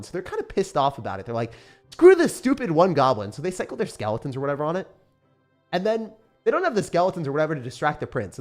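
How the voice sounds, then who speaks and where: A young man giving rambling, casual commentary on his gameplay, excitable and sometimes swearing. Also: on the high side. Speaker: gaming YouTuber.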